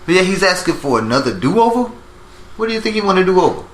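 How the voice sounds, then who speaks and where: A man teaching a Bible class, asking students questions, repeating their answers and slowing down to stress each point. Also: high-pitched, sing-song. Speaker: teacher leading a Bible study. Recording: echoey room with faint noise.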